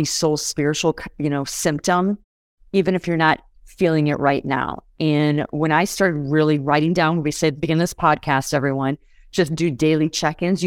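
Through a dry recording comes a woman's low, clear and resonant voice. She's a podcast guest who talks things through conversationally and keeps checking in, saying "you guys" and asking if it all makes sense.

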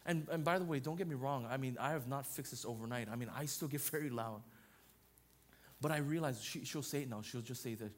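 Loud, expressive male preacher. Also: mid-range voice, a little fast. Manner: loud, expressive preaching with frequent "right?" asides. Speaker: pastor. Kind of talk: sermon.

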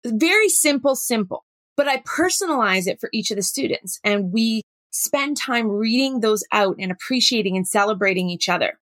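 A middle-aged woman, a workshop facilitator telling a story with animated, acted-out dialogue. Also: a little high, normal speed, dry recording. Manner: animated, acts out dialogue in her stories. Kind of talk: storytelling talk.

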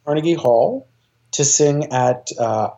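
A man's voice: on the high side, slow pace, dark tone, lo-fi sound. A man, a choir director, talking as an interview guest, eager and rambling, with lots of fillers and restarts. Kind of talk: casual interview talk.

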